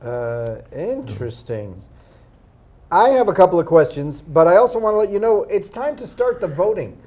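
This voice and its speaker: A man with a high-pitched voice hosts a comedy game show. He questions his guests dryly and wryly. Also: big pitch swings, moderate pace, warm tone. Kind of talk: hosting a comedy web show.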